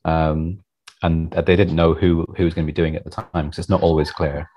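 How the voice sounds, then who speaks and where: A man's voice: very deep voice, level tone, a little fast, lo-fi sound. A man being interviewed about his writing, chatting casually and self-deprecatingly, with many restarts and repeated words.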